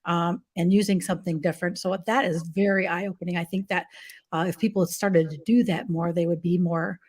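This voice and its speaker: A woman's voice: fairly low pitch, fairly even intonation. A woman hosting a live show, chatting casually and affirming her guest. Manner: warm, affirming listener, quick to laugh. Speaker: host. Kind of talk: casual interview chat.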